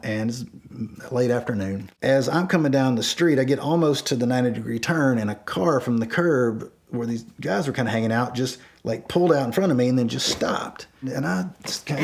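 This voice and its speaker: A middle-aged man casually telling a true story, acting out the shouts in it. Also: mid-range voice. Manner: animated, acts out his own yelled lines. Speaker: storyteller guest.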